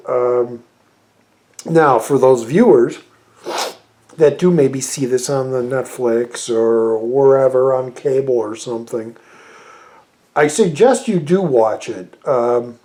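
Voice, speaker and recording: A man's voice: mid-range voice, mellow. A man giving a casual, rambling film review, exasperated and swearing freely. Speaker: movie reviewer.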